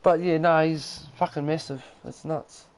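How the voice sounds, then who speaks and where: A man's voice: on the high side, steady tone, measured pace, poor audio. Laid-back Kiwi man, swearing casually. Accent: New Zealand. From New Zealand. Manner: rambling, profane and laid-back. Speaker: game streamer. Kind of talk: casual chat. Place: lounge at home.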